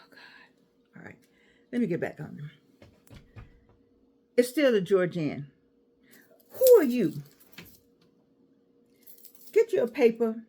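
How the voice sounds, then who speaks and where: A woman's voice: medium pitch, a little mellow. An older woman, chatting to camera and giving life advice in a sassy, digressive way. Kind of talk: casual chat to camera.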